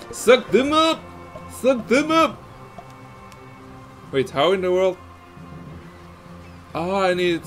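A young Belgian man with Dutch as his first language, giving excitable, swear-heavy let's-play commentary with lots of laughing. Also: fairly high pitch. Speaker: gaming streamer.

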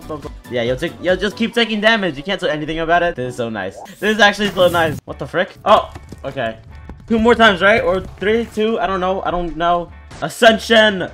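A young man talks through a video game in a loose, excitable way, repeating himself and reacting out loud. His voice sits a little high for a man. Faint game music runs underneath. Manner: excitable, exclaims and repeats words, quick reactions. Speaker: gaming YouTuber. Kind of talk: casual gameplay commentary.

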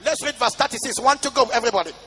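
A male pastor preaching a sermon, reading scripture in a sing-song chant and breaking into shouted declarations. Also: extremely high pitch, racing, a little hiss or hum. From Nigeria. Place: large church hall. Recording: reverberant church hall with music behind.

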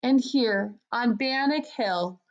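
A woman's voice: on the high side, takes it slowly, highs cut off. Poppy, a woman reading as an earnest young mouse. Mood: solemn. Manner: earnest, solemn.

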